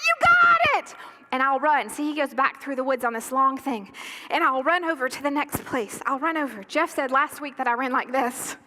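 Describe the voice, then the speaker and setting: A woman pastor delivering a sermon with impassioned, emphatic preaching and dramatic pauses, in a church sanctuary. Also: high voice, noisy background.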